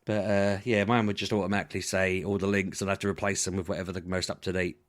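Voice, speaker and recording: Rambling man, low voice. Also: flat delivery. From United Kingdom. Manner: rambling storyteller, quick laughs. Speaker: podcast co-host. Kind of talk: casual chat.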